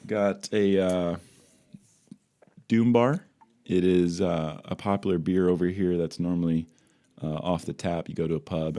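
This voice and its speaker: A man's voice: low voice, fairly even intonation, unhurried, pauses often, dark tone. A man co-hosting a casual podcast over a drink, playful and upbeat, repeating phrases for fun. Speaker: podcast co-host. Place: home in the UK on a video call.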